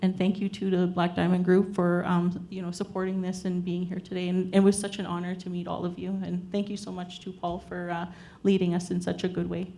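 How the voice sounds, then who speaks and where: A woman panelist sharing a personal family story at a public event, earnest and halting with many fillers. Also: fairly low pitch, monotone, vocal fry, warm tone. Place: event hall with audience.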